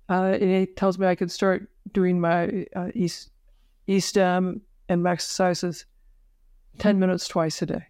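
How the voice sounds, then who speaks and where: A woman physician telling her personal story as a podcast guest, halting, with many fillers and restarts. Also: medium pitch, a little mellow, no room sound, studio quality. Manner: emotional at moments. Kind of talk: personal story told in an interview.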